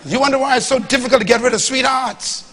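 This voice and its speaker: A man preaching a sermon to a congregation, swinging from loud to hushed and acting out quoted dialogue. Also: extremely high pitch, steady tone, fast talker, some chatter behind, a little hiss or hum. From Bahamas. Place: church hall before a live congregation.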